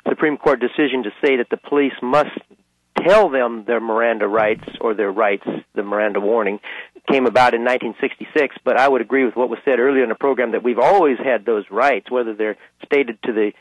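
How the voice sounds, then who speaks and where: A man calling in to a radio talk show, measured and thoughtful. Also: medium pitch, no room sound, low-quality recording. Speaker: caller.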